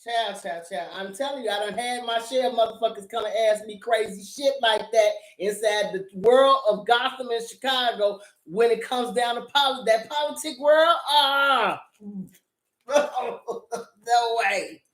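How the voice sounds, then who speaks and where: A woman's voice: a little high, unhurried, reverberant. A middle-aged woman rants sassily and profanely about a drama, laughing as she goes. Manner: profane, sassy, laughing asides. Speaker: vlogger reviewing a drama. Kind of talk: animated casual rant.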